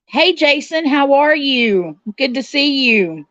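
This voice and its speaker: A woman's voice: high-pitched, animated, takes it slowly, a bit bright, no room sound. A woman hosting a casual livestream, chatting and answering viewer comments aloud. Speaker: livestream host reading chat. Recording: dull, slightly lo-fi sound.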